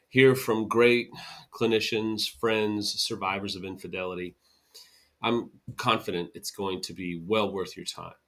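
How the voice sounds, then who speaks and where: A middle-aged man hosting his own podcast, talking straight to listeners in an animated way. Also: on the low side. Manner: animated, mocks bad apologies in sarcastic voices. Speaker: podcast host. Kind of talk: solo podcast talk.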